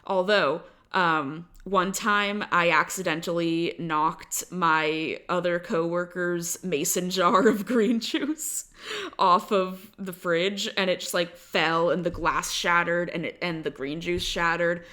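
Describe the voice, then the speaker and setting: A woman's voice: fairly low pitch, steady tone, slow, pushed and bright. A young adult woman co-hosting a podcast, telling stories in a chatty, casual way with a lot of "like" fillers. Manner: chatty storytelling, heavy on "like" fillers. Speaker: podcast co-host. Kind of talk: casual chat.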